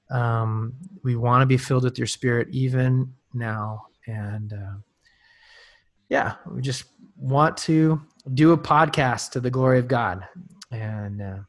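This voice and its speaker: A man in his thirties from North Dakota, a guest on a ministry podcast, chatting casually and telling jokey stories. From North Dakota, USA. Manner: jokey storyteller, pitch jumps when telling anecdotes.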